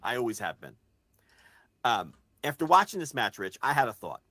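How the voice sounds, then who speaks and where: A man in the middle of his range talks through his case with growing excitement, cursing casually as he lays out his points one by one. The sound is dry and close, with no room around it. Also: mid-range voice, moderate pace, no room sound. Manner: excitable, swears freely, builds an argument point by point. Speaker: podcast co-host. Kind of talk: casual chat.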